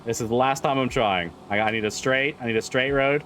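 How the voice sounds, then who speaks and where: A man's voice: medium pitch, brisk, fairly bright tone, a little hiss or hum. A man streaming a driving game live, chatting casually, swearing and repeating himself as he gets frustrated.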